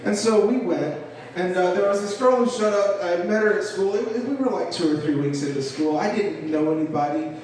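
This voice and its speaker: A young man doing self-deprecating, animated stand-up at an open mic in a small club. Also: high voice, a little fast, recorded from a distance, a little hiss or hum. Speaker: comedian. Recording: echoey club, mic heard from afar.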